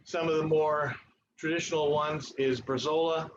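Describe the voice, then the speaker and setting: A man, a chef and cooking instructor, giving a relaxed live cooking demonstration in a ski club kitchen, pausing often as he explains. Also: on the high side. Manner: relaxed, instructive, with frequent pauses. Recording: muffled online stream with background noise.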